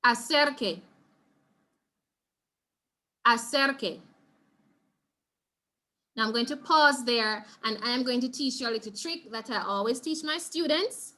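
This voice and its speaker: Bright-voiced Jamaican woman teaching Spanish. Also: on the high side, fairly quick, hardly any pauses. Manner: patient, repeats key points and checks in with students. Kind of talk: online revision class.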